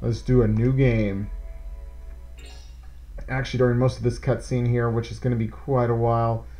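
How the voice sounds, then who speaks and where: A man hosting a video game let's play, talking casually and excitedly to his viewers as he plays. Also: mid-range voice, normal speed, soft background music. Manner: excitable, rambling, talks straight to viewers. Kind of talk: casual gameplay commentary.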